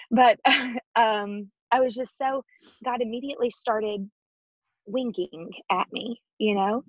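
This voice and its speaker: A woman in her thirties speaks with a husky edge, earnest and full of feeling as she tells her faith story. The recording is dry and a little dull, like a lo-fi home setup. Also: mid-range voice, no echo. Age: 30s. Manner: earnest and emotional, often laughing, near tears. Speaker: interview guest. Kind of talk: personal faith story in an interview.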